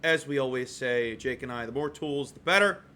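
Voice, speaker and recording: A man's voice: mid-range voice, moderate pace, sharp tone. A man co-hosting a sports betting podcast, chatty and teasing, talking over a remote call. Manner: chatty, teasing, tells stories. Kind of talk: casual podcast banter.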